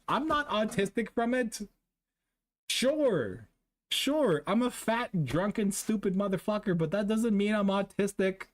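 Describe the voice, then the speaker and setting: A Canadian man streaming live, reading chat and ranting about vaccines, exasperated and profane, swinging between loud outbursts and low muttering. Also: animated, measured pace, dry recording. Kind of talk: casual livestream chat.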